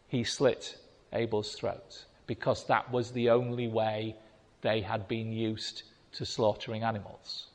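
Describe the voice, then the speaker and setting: A man's voice: mid-range voice, in a large hall. A man preaching a sermon with emphatic, repeated key phrases.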